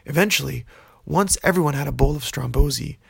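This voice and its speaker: A man narrating a children's fantasy story in a gentle, unhurried way. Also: fairly high pitch, gravelly, slightly rough, no room sound.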